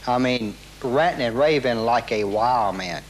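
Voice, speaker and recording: A man's voice: mid-range voice, a little slow, a little hiss or hum, rough recording. A man in an interview telling a story in a casual way, acting out quotes with many repeats and restarts, and swearing now and then. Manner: animated retelling, heavy quoting, repeats and restarts, swears.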